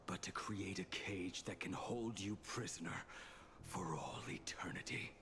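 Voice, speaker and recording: A man voicing a grim immortal swordsman bent on vengeance, speaking slowly and solemnly in a hushed, breathy half-whisper. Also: low-pitched. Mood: grim, menacing. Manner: slow, solemn, menacing. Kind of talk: video game voice acting. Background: game music.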